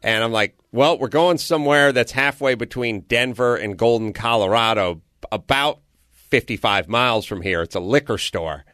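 A man's voice: mid-range voice, normal speed, dry recording, studio quality. A man co-hosting a podcast, telling a profane, comedic story and acting out what people said. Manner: animated storytelling, acts out quotes, profane. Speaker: podcast co-host. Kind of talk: casual comedic rant.

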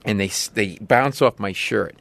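A man's voice: fairly low pitch, moderate pace, creaky, no echo. A middle-aged man telling a casual story, acting out voices as he goes. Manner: animated, acts out voices in his story.

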